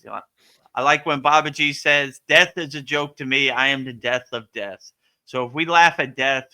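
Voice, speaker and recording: A man's voice: mid-range voice, bright, forceful tone, clear, resonant tone. A man hosting a live yoga Q&A, chatting casually and laughing often, with lots of "you know" and "right". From United States. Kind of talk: casual livestream chat and spiritual teaching.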